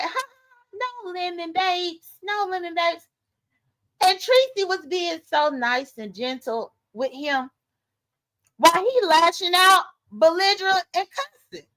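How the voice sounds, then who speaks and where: A woman hosting a casual livestream, commenting on drama and reading viewer comments aloud, animated and talking straight to her audience. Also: very high voice, rough recording. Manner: animated, talks straight to viewers, rhetorical questions. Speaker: YouTube commentary host.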